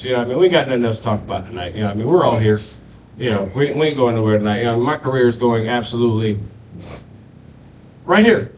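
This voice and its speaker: A man doing a live stand-up comedy set on stage. He talks crudely and loosely, full of profanity, and keeps tossing in "you know what I mean.". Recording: distant mic in a noisy rumbling room.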